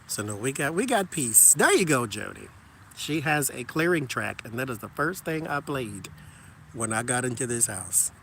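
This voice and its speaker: A man casually chatting with his viewers while walking outside, animated and joking, talking to them as "y'all". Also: medium pitch, slight background noise. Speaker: tarot reader chatting with live viewers.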